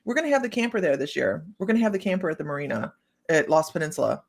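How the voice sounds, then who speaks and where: Rapid-fire and gravelly, with a low voice and lively intonation, an Ohio psychic reader hosts her livestream. She reads cards, chats casually with viewers by name, and laughs often.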